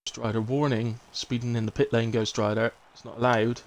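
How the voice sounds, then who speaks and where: Speaking quickly at a medium pitch and in a level tone, this Bristolian man commentates live and informally on a racing league. He rambles on, plugging the quiet moments with side remarks, over poor-quality audio.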